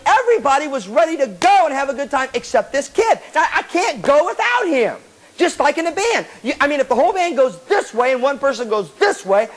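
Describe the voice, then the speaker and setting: Animated man telling seminar stories. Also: extremely high pitch. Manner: animated storytelling with laughs and acted voices. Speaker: motivational speaker to student bands. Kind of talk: live seminar talk.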